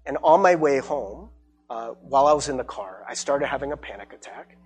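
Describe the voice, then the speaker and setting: A man's voice: medium pitch, lively intonation, a little mellow, slightly rough, faint music behind. A young adult man, a pastor, giving a conversational sermon testimony with many fillers and restarts. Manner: conversational, halting with many fillers and repeated words.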